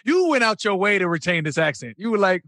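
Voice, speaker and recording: Fast, sharp-toned male host, slangy and animated, dry studio mic. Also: sits high, dry recording. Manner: animated, slangy, laughs often. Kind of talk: casual chat.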